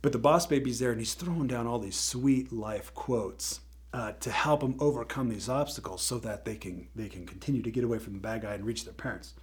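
A man giving a casual motivational talk, retelling a film scene as an animated storyteller who laughs often and repeats words. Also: medium pitch, a little fast.

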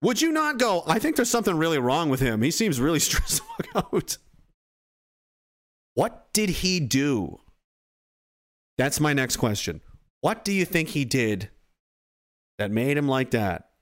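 A man's voice: a little high, huge pitch swings, unhurried, pauses often. A man hosting a podcast livestream, ranting casually and profanely, reading chat messages and acting out quoted voices.

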